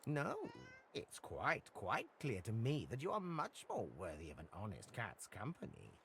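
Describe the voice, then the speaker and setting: A gravelly, theatrical wizard's cat. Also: male voice, huge pitch swings, a little slow, fairly bright tone, a little hiss or hum, exaggerated voice. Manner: theatrical, with sweeping pitch swings. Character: proud, chatty male house cat abandoned by a wizard. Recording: game dialogue over faint game music.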